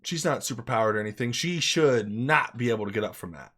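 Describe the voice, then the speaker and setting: A man giving an unscripted, casual movie review, talking in an excitable, emphatic way, swearing freely and repeating himself for emphasis. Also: mid-range voice, fast.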